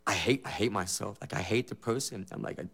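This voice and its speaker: A man's voice: on the low side, fast, gravelly, fairly bright tone. A man giving a personal faith testimony as a former gang member, emotional and earnest, with many repeated phrases. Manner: emotional, repetitive, earnest storytelling.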